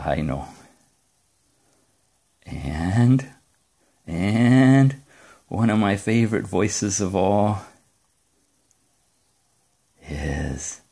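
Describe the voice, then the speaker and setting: A man's voice: lowish voice, gravelly, a little mellow, breathy edge. A man hosting a casual, chatty gadget demo from his rural home, enthusiastic and joking. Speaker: tech reviewer host.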